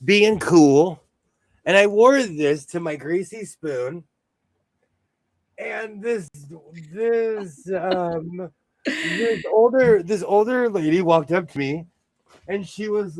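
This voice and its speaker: A man hosting a casual sewing show chat, telling jokey stories in an animated way. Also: high voice, slow. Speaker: host.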